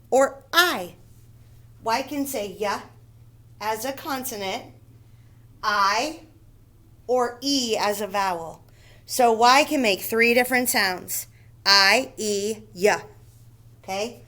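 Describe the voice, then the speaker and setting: A woman with a slightly high voice teaches a first-grade phonics lesson. She speaks slowly and patiently, breaking every rule into small steps. She keeps checking that the children are following her. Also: fairly bright tone. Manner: slow, patient, explains step by step and checks with "okay?".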